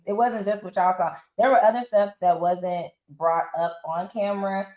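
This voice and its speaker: In a roomy, low-quality recording, a woman with a medium-pitched voice tells her story as a reality show guest. She's in her forties and talks bluntly and casually with slang in this candid interview. Her delivery is animated, and she acts out others' lines as quotes.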